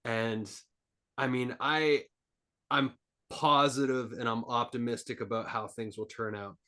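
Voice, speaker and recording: A man's voice: medium pitch, fairly even intonation, a little slow, pushed and bright. Earnest rambling man, podcast guest. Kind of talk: casual interview talk.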